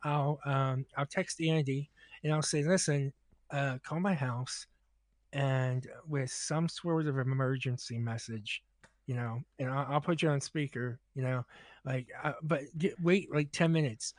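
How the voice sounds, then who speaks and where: A man's voice: mid-range voice, measured pace, no room sound, clean studio sound. A man casually telling a long anecdote on a podcast, acting out both sides of the dialogue. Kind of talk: casual storytelling.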